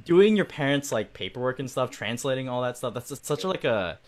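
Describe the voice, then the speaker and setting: Man, guest in a group chat, lively pitch, rambling, filler-heavy. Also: fairly quick.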